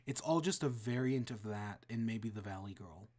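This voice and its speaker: A woman's voice: very deep voice, normal speed, hardly any pauses, darkish tone. A woman streaming a game, muttering casual, self-deprecating asides about doing voices. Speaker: streamer reading a game aloud.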